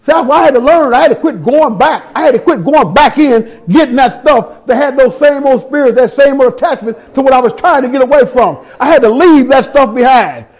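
A man's voice: very high-pitched, brisk, hardly any pauses. A man preaching a sermon, telling his own testimony with street slang, scripture and repeated words.

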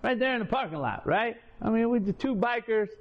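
A man's voice: extremely high pitch, lively intonation, brisk. A man preaching a testimony, telling his story in a folksy, colloquial way and acting out the conversations. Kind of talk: preaching testimony, story told with quoted dialogue. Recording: dull lo-fi recording with faint room ambience.

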